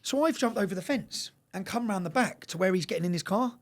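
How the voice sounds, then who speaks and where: A man telling a story in an interview, talking fast, swearing and repeating words, often asking "yeah?". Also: high-pitched, lively intonation. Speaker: interview guest.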